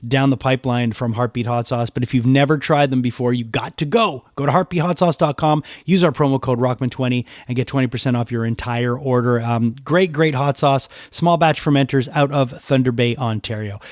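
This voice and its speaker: A man hosting a podcast in a studio, chatting casually and excitedly with lots of fillers, reading sponsor shout-outs. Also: medium pitch, fairly quick, few pauses, dry recording. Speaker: podcast host. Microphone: studio microphone.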